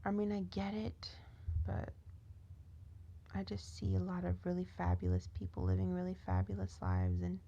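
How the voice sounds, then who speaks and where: A woman's voice: on the low side, sing-song, moderate pace, creaky, warm tone, muffled recording, a little hiss or hum. A tired woman venting in a rambling, profane rant that often drops to a whisper.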